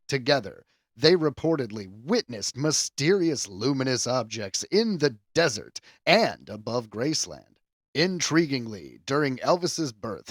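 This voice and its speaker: A man hosting a podcast in casual chat, riffing with animated, self-amused asides. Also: fairly high pitch, dry recording, studio quality. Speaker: podcast host.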